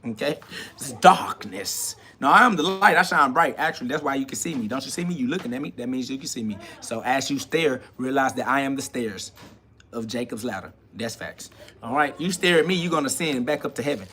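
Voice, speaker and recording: A man's voice: mid-range voice, expressive, brisk, sharp tone, slight background noise. A man hosting a live stream, preaching. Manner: swaggering, slangy, talks back to chat comments. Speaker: livestream host. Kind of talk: casual preaching monologue.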